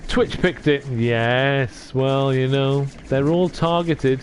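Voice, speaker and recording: A man's voice: medium pitch, slow pace, hardly any pauses, slight background noise. A man live-streaming a game, chatting casually, reading dialogue aloud and laughing at himself. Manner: chatty, self-deprecating, reads dialogue aloud.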